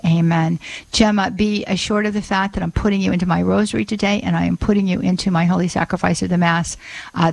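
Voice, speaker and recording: A woman's voice: medium pitch, no room sound, low-quality recording. A woman hosting a call-in radio show, praying aloud and talking with callers in an earnest way, repeating phrases and restarting sentences. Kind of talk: spoken prayer and call-in talk.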